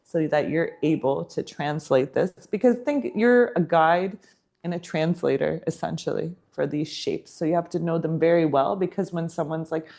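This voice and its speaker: A woman's voice: low voice, normal speed, vocal fry, mellow. A woman teaching a yoga teacher training class, explaining in a chatty way and laughing often.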